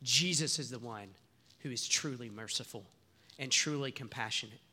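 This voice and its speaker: A man's voice: medium pitch, normal speed, bright, forceful tone. A pastor giving an earnest, conversational sermon in church, often restarting his sentences.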